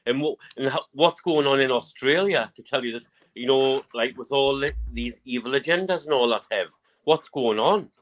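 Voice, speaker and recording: A man's voice: medium pitch, normal speed, fairly bright tone. Eager Englishman calling in. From England. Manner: eager, repeats himself, interrupts. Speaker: caller. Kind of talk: casual call-in chat.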